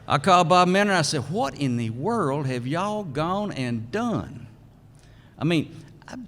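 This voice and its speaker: An older man, giving a folksy, halting acceptance speech as a hall of fame inductee. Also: medium pitch. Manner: folksy, halting storyteller with many pauses. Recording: long reverb of a large hall.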